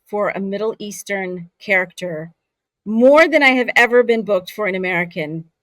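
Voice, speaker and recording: Appearing as a guest in a casual interview, this voice actor, a woman raised in Saudi Arabia, shares stories candidly and animatedly. She speaks at medium pitch and normal speed, recorded with no room sound.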